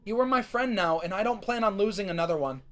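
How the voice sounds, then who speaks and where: A man's voice: high voice, fast talker, fairly bright tone. A man voicing a proud, blunt young female pony who hides her feelings. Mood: guarded. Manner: curt and blunt.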